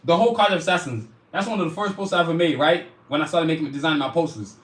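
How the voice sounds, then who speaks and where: A man's voice: on the high side, rapid-fire, reverberant. A man who creates his own animation series, talking casually and bluntly to his phone camera as he shows off his merchandise. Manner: blunt, emphatic, says "y'all" and "you know what I'm saying".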